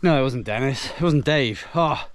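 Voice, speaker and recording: A man's voice: mid-range voice, moderate pace, no echo. A man from Britain, out of breath, chatting casually as he films himself hiking up a steep woodland trail and exclaiming at the views. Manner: chatty, exclaims at the scenery, puffing between remarks. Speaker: hiking vlogger. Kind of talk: casual walking commentary.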